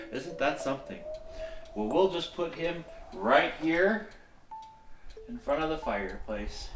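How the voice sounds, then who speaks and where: Man reading a bedtime story in an echoey room. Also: a little high. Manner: gentle, chuckling, folksy. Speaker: storyteller playing Santa. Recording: echoey room, mic at a distance, soft music.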